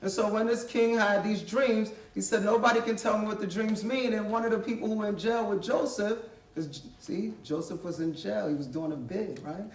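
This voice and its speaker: Animated man telling a story. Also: sits high, moderate pace. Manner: animated, conversational, uses street slang. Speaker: guest speaker. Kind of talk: motivational storytelling talk. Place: college library event room. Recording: echoey hall from far off.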